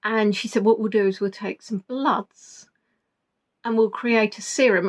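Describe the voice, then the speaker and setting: A woman's voice: mid-range voice, steady tone, moderate pace. A woman vlogger telling a story casually and emotionally, rambling and flustered, quoting what others said. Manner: rambling, flustered retelling with quoted dialogue.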